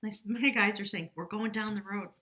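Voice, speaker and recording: A woman's voice: medium pitch, fairly even intonation, brisk. Earnest woman giving a tarot reading. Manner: earnest, emotive, drifts into soft whispers. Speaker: tarot reader. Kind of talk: spiritual reading monologue.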